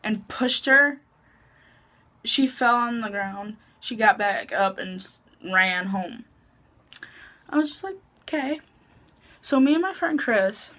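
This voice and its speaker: A woman's voice: mid-range voice, pushed and bright. A woman vlogger casually telling a personal story, chatty, full of "like" and swearing freely.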